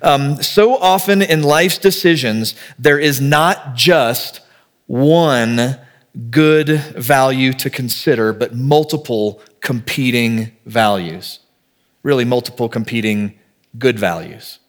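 Guy pastor preaching, chatty and thinking out loud, acts out little back and forth bits, middle pitch. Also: slow pace. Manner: conversational, thinks aloud, acts out quoted dialogue. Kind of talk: sermon.

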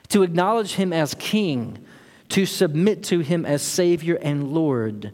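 A man's voice: on the high side, lively intonation, measured pace, darkish tone. A man preaching a sermon as pastor, earnest and building to impassioned emphasis. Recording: long hall reverb.

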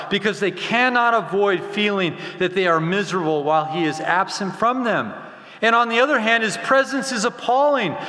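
A man preaching a sermon as pastor, swinging from loud emphasis to hushed, quiet lines. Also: sits high. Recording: echoey hall with long reverb.

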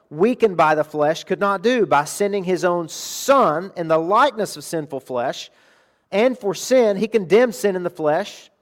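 A middle-aged pastor delivers a sermon in a voice a touch higher than most men's. He speaks earnestly, sinking into quiet confiding stretches and rising to emphatic declarations.

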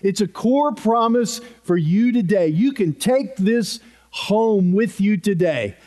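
A male pastor delivers a sermon in a fairly high voice. He speaks slowly and deliberately. He is earnest and emphatic, driving his points home by repeating them. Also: lively intonation, mellow.

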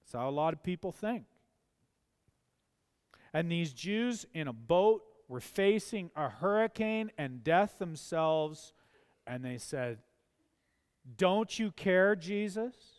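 High-voiced pastor preaching slowly in a hall. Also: male voice, expressive, clean tone. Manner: earnest, rising to emphatic questions. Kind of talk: sermon. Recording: long hall reverb.

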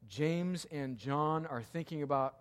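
A man preaching a sermon as pastor, emphatic and repetitive, swinging from loud cries to hushed, quiet passages. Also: on the high side, a little slow, clean tone. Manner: emphatic, repeats key lines, swings between loud cries and hushed tones. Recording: long hall reverb.

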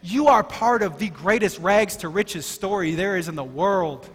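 High, bright-voiced male pastor preaching. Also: normal speed, breathy edge. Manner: emphatic, excitable, stammering restarts. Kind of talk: sermon. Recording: long hall reverb.

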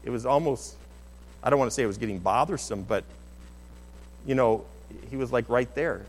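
A man's voice: medium pitch, normal speed. A middle-aged man preaching a sermon as pastor, in an earnest, conversational way with many restarts. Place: church sanctuary. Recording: long hall reverb.

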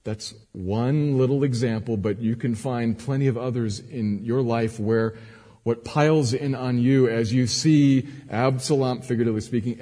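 A man preaching a sermon as a pastor, moving between quiet earnest teaching and raised, emphatic cries. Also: medium pitch. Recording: long hall reverb.

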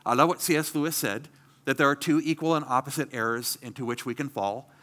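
A man's voice: medium pitch, quick pace, pushed and bright. A middle-aged man preaching a sermon as pastor, earnest and emphatic, asking rhetorical questions.

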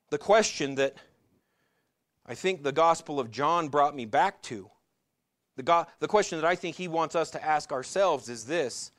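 A middle-aged male pastor giving a sermon in a conversational way, asking the congregation questions and slowing down to stress key lines. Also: fairly high pitch. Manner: conversational preaching with rhetorical questions and slowed emphatic lines.

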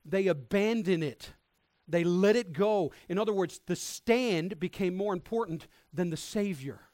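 A man's voice: sits high, measured pace, darkish tone, no room sound, clean studio sound. A male pastor preaching a sermon in a conversational, emphatic way, quoting scripture to his congregation. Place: church.

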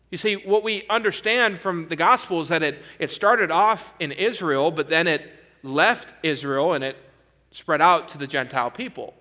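Male preacher, bright tone, emphatic expository sermon delivery. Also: on the high side, a little slow.

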